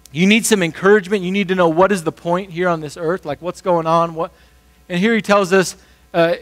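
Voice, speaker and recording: High-voiced, lively male preacher. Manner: conversational, animated, acts out quick voices. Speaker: pastor. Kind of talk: sermon.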